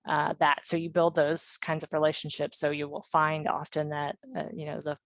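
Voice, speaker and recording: A woman's voice: low voice, little pitch movement, normal speed, a bit bright, dry recording. A woman guest on a podcast interview, talking casually with lots of fillers and restarts. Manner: chatty, many fillers and restarts, light laughs.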